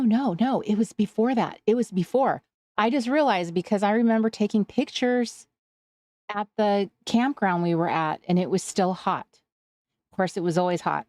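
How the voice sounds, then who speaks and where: A woman's voice: mid-range voice, no echo. Lady chatting on her craft livestream, dry close sound, mid voice. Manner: chatty, warm greetings, self-correcting. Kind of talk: casual livestream chat greeting viewers. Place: home.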